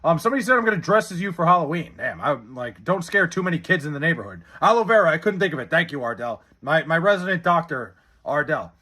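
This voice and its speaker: A man's voice: on the high side, lively intonation, fast, sharp tone. A young man from Long Island, casually chatting with viewers on a livestream and swearing freely as he rambles through their comments. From Long Island, New York. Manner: profane, rambling, jokey. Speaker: livestream host reading chat. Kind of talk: casual live-stream chat.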